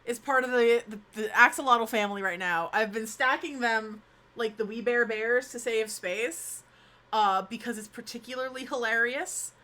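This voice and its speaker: A woman's voice: on the high side, moderate pace, pushed and bright. A young woman chatting casually on her live stream, bubbly and self-mocking.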